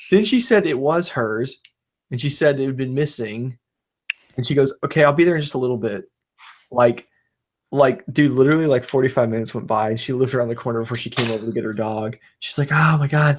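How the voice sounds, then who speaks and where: A man's voice: mid-range voice, fairly quick, a little mellow. A man in his thirties hosting a casual chat, rambling and swearing, laughing through his own stories. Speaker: channel host.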